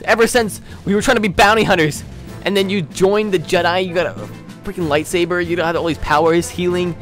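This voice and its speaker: A young man hosting a modded game, chatting excitably to viewers and slipping into playful villain role-play. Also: high-pitched, a little fast, faint music behind. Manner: excitable, keeps addressing viewers as guys. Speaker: gaming channel host.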